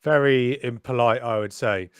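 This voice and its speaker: A man's voice: medium pitch, normal speed, clear, resonant tone, no echo. A man hosting a live race stream, commentating with cheeky, swearing banter.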